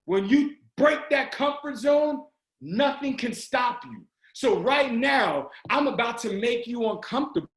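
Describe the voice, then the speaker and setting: A man giving an energetic motivational pep talk to a sales team over a video call, often shouting and urging listeners on. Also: very high-pitched, unhurried. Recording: roomy video call audio.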